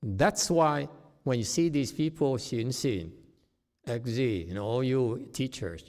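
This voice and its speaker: A male meditation teacher giving a dharma talk, emphatic and often checking with his listeners whether his point is clear. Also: mid-range voice, measured pace, a little mellow.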